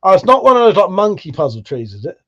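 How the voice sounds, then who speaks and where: British male streamer, casual, swears a lot, slightly high voice. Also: big pitch swings, fast, dull audio. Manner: laid-back, swears freely, chuckles often. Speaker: livestream host. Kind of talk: casual live chat, reading out viewer comments.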